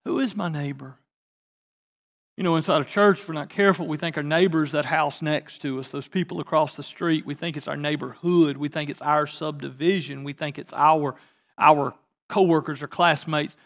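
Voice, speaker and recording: A man preaching a sermon as pastor, swinging between emphatic rising bursts and quiet asides. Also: fairly high pitch, fairly even intonation, a little fast. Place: church sanctuary.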